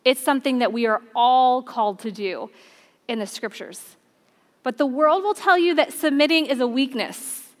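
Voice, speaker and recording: A woman in her thirties delivers a sermon to her church. Her voice sits high, and her manner is warm and chatty as she moves between personal stories and read scripture. The sound carries a long reverb from the church hall. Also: moderate pace. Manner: expressive, conversational, reads scripture aloud. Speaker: preacher.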